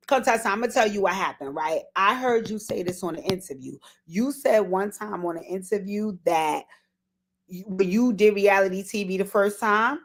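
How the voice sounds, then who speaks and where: A woman's voice: mid-range voice, moderate pace. Blunt, profane woman recapping TV drama. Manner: blunt, profane, talks straight to the people she recaps; animated, repeats words for emphasis. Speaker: reality TV recap host. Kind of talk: casual commentary vlog.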